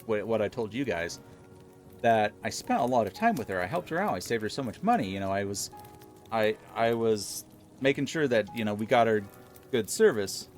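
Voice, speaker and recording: A man's voice: on the low side, normal speed, faint music behind. A man casually telling viewers an exasperated story from his pharmacy job, acting out the dialogue as he goes. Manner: exasperated, animated retelling with quoted dialogue.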